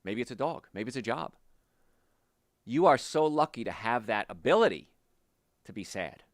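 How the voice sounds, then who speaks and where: A man's voice: mid-range voice, normal speed, dry recording, studio quality. A man hosting a health show, giving an emphatic, motivational talk straight to his listeners. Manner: emphatic, animated, speaks directly to listeners.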